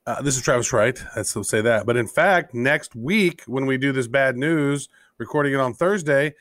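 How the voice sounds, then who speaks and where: A man's voice: medium pitch, normal speed, fairly bright tone, dry recording, clean studio sound. A man co-hosting a casual crypto podcast, joking and bantering with his partner. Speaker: podcast co-host.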